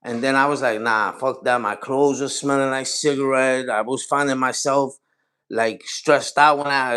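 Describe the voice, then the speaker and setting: This forties-aged livestream host has a mid-range, slightly bright, clean-toned voice with fairly even intonation and a moderate pace. He rambles casually and profanely to his chat, hopping between points.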